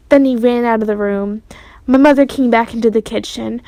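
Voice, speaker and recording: A woman's voice: a little high, moderate pace, no room sound. Woman reading a children's book aloud. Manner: steady storytelling narration. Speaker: reader.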